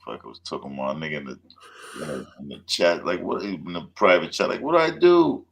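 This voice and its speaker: A man co-hosting a show, chatting casually in loose, slangy banter with quick laughs. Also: rumbling low, creaky, fairly bright tone. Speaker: podcast co-host. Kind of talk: casual chat.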